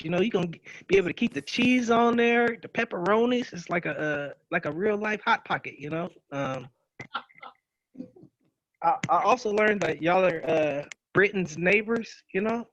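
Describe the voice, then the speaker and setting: Brief: US male comic, high voice, loose and hesitant, dry muffled phone sound. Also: expressive, normal speed, a bit bright, dry recording. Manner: easygoing, hesitant, many fillers. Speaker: stand-up comedian. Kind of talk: casual rambling stand-up. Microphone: phone on a video call.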